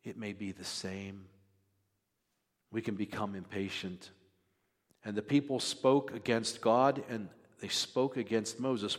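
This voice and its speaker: A man's voice: medium pitch, long reverb tail. A male pastor giving a sermon in a conversational, joking manner. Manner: conversational, jokes with the congregation.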